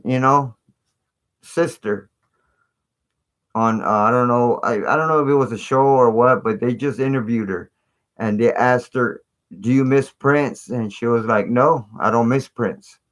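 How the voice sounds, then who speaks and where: A man hosting a live stream, talking in a rambling, casual way full of fillers and asides. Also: mid-range voice. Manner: rambling, filler-heavy, conspiratorial chat.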